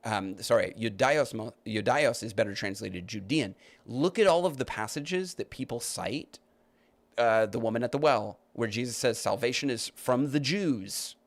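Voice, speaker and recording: Gravelly-voiced man arguing on a podcast. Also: on the low side, normal speed. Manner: argumentative, restarts and rebuts comments aloud. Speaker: podcast host. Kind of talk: live-stream commentary reading comments.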